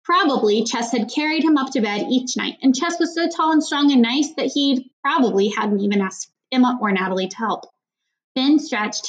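A woman's voice: fairly high pitch, poor audio. A woman reading a children's novel aloud, with small slips and restarts. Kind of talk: audiobook narration of a children's novel.

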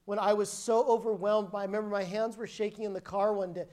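A woman's voice: medium pitch, flat delivery, fast talker, darkish tone. A woman preacher giving a sermon as a personal testimony, telling her story emphatically and often restarting her sentences.

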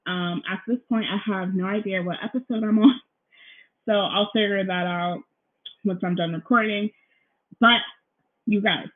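A woman's voice: mid-range voice, normal speed, long pauses. A young woman hosting her own podcast from her apartment, chatting casually and rambling with lots of ums, often apologizing and saying "you guys," a little nervous. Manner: nervous, feels out of breath. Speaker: podcast host. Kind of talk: casual solo podcast chat. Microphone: laptop recording, headphones in. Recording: tinny phone-like laptop recording.

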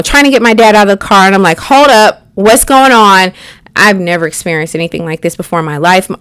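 An American-raised woman shares a personal story in a lively, conversational way. She talks right to her listeners and slips into the voices of the people she describes. Her voice sits at an everyday middle pitch and is recorded close, with a dry, dead sound. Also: smooth, no echo. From United States. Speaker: speaker sharing a personal story.

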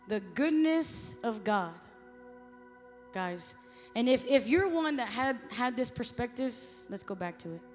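A woman preacher delivering a sermon, impassioned at moments and chatty and self-joking at others. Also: mid-range voice. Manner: impassioned, rising to loud emphatic peaks, then chatty and self-joking. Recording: long hall reverb.

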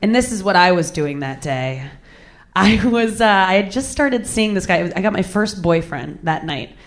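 A woman's voice: medium pitch, lively intonation, moderate pace. A young woman telling a crude personal story with candid, self-mocking humor, laughing often.

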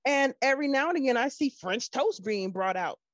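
A woman's voice: high-pitched, a little fast, dry recording, muffled recording. A woman co-hosting a podcast, telling a restaurant story in casual chat and acting out the people in it. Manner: animated storyteller, acts out quoted people. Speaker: podcast co-host.

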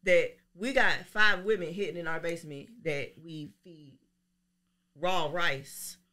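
A woman with a bright, forceful voice tells a story on a podcast, blunt and profane. She slips into the voices of the people she quotes. Her tone stays sharp and pointed. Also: on the low side, slow. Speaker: podcast guest; business owner. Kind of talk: casual podcast chat.

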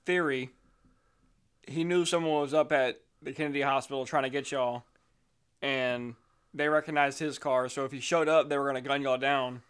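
A man's voice: medium pitch, steady tone, moderate pace, a bit bright, smooth. A young man on a podcast joking around with friends, teasing them and throwing out wild theories. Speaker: podcast co-host. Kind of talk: casual banter.

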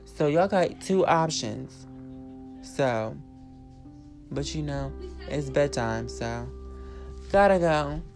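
A young woman with a notably low-pitched voice hosts her own podcast. She tells a rambling story in a chatty, blunt way and swears freely. Guitar music plays clearly underneath. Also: lively intonation, takes it slowly, long pauses. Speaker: podcast host. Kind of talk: casual storytelling monologue.

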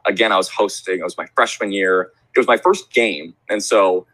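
A young man chats as an interview guest, spinning stories with plenty of restarts and fillers. His voice sits on the low side, and he jumps up sharply to play the voices of people he quotes. The sound is dry and close. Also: moderate pace, no room sound, poor audio. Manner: animated, acts out quoted voices with big pitch jumps. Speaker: interview guest, sports event host. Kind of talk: casual storytelling chat.

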